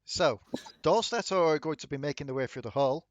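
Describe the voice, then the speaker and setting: A man's voice: a little high, lo-fi sound, crowd noise. A man running a tabletop game as dungeon master, joking with the players and calling for dice rolls. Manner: laughing, jokey, quick to call for rolls.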